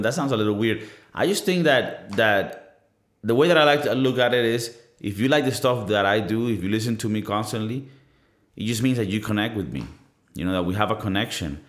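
A man in his thirties talking in a casual solo podcast monologue, rambling and profane, often poking fun at himself. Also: fairly low pitch. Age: 30s. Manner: rambling, profane, self-mocking. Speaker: podcast host. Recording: roomy echo.

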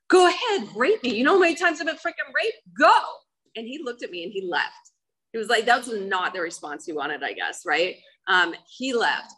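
A woman's voice: on the low side, bright, forceful tone, rough recording. A middle-aged woman giving a personal testimony talk, earnest and emotional, with many fillers. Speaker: speaker sharing her life story.

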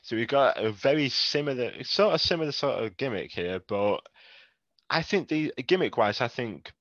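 A man's voice: mid-range voice, lively intonation, normal speed, a bit bright, no room sound, muffled recording. A man hosting a casual wrestling chat, telling anecdotes and laughing often. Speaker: podcast host.

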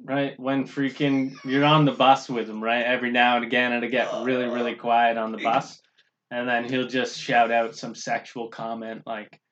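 A man's voice: medium pitch, flat delivery, moderate pace, fairly bright tone, a little hiss or hum. A man co-hosting a casual podcast, telling a rambling, profane story full of "like" and "man". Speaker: podcast co-host. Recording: dull lo-fi audio.

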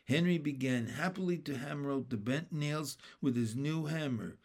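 A man reading a children's chapter book aloud in a steady, plain storybook narration. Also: on the high side, normal speed, hardly any pauses.

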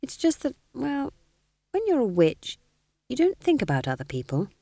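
A nervous young witch, high and fretful, her voice rising and dipping as she pleads, read by a woman. She is earnest and unsure of herself. A storybook voice. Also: huge pitch swings, moderate pace, mellow, no echo, studio quality, full character voice. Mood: anxious. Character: young witch, shy and anxious.

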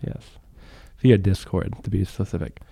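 Young texan guy on a podcast, halting and hesitant, dry close sound. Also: low-pitched, vocal fry, mellow, slightly rough, no echo. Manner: hesitant, many fillers and restarts. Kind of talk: casual chat.

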